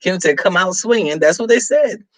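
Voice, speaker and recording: A woman's voice: fairly low pitch, expressive, moderate pace, no room sound. A middle-aged woman hosting a live stream, chatting casually and teasing her viewers as she reads their comments, often laughing.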